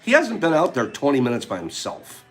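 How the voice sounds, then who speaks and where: Older man, host, casual storytelling, animated, chuckling, soft background music. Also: mid-range voice, brisk. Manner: animated, chuckling, acts out friends' lines.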